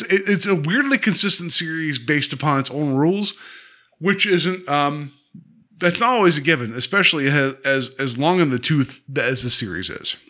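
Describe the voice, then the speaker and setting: A man's voice: a little high, sharp tone. A man co-hosting a podcast in casual chat, joking and laughing often, with many fillers. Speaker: podcast co-host.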